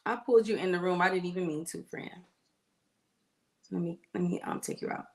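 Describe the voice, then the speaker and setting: A middle-aged woman who works as a nurse chats casually on a phone livestream, greeting viewers by name. She's chatty and warm, says "y'all," and speaks at medium pitch, a little slowly, with long pauses. The sound is roomy.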